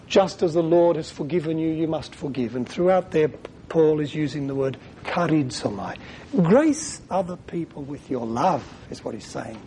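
Earnest preacher with a mellow voice. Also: male voice, on the high side, a little hiss or hum. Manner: earnest, pausing, acts out quoted speech. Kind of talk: sermon.

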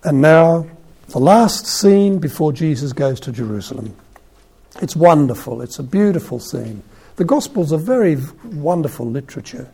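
A man giving a conversational sermon, retelling a Gospel story in an animated, storytelling way. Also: a little high, moderate pace, gravelly, breathy edge.

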